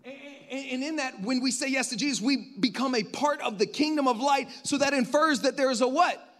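A man with a high-pitched voice preaches a sermon in a loose, conversational way. He speaks straight to the congregation, poses questions and adds joking asides. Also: brisk, fairly bright tone.

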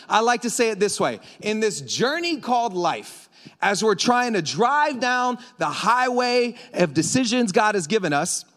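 A man preaching a sermon into a microphone, animated and breaking into yelling at times. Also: very high-pitched. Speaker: pastor. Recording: reverberant hall.

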